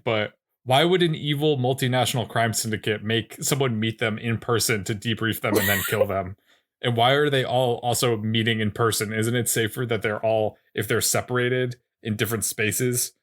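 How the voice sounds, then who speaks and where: A man's voice: mid-range voice, fairly even intonation, brisk, hardly any pauses, a bit bright. A man co-hosting a podcast in casual chat, asking skeptical questions with dry humor. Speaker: podcast co-host.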